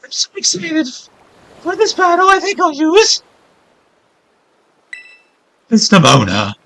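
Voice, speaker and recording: A man's voice: very high voice, huge pitch swings, takes it slowly, vocal fry, pushed and bright, voice pushed up, exaggerated voice. A man putting on a hammy mock-Spanish trainer voice. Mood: hammy excited. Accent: mock Spanish accent sounding Italian. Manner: over-the-top, theatrical.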